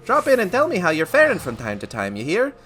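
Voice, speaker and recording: A man voicing a gruff older female tavern keeper in a put-on Scottish accent, brusque and teasing. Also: high voice, huge pitch swings, fast, pushed and bright, soft background music, voice pushed up, heavily acted.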